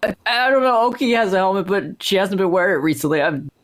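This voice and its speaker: A man playing a new, flustered male fast-food worker who stammers and hesitates, in an in-character role-play interview. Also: high-pitched, animated, fairly bright tone.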